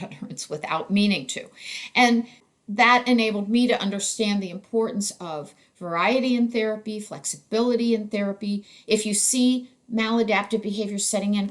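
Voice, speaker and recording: A woman lecturing to fellow clinicians in a recorded course. She explains step by step in a measured, even way, pausing and restarting now and then. Her voice sits at a middling pitch. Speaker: continuing-education lecturer for speech pathologists.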